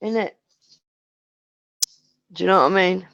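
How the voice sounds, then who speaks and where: A woman's voice: on the low side, measured pace, creaky, fairly bright tone, lo-fi sound, slight background noise. A woman from England, co-hosting a casual chat, laid-back and laughing along. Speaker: co-host.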